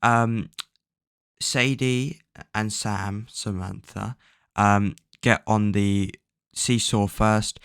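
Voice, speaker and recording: A man with a lowish, gravelly voice talks through a story recap in a loose, rambling way, swearing often and filling gaps with ums. The sound is dry and close, recorded at home. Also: steady tone, drawn-out words, fairly bright tone, dry recording. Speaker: book plot summarizer. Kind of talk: casual plot recap. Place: at home, bedroom with a cat.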